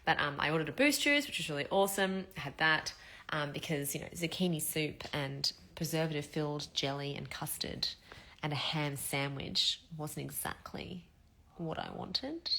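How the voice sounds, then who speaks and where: A woman's voice: low-pitched, normal speed, creaky, sharp tone. A woman, chatting bluntly and expressively while recovering from surgery. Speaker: vlogger. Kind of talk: casual storytelling.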